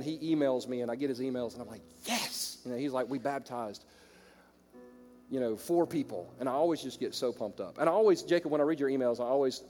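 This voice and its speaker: A man with a Southern American accent preaching a sermon to his congregation, shifting from loud exclamations to quiet storytelling. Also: mid-range voice. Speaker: pastor. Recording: long reverb of a large hall.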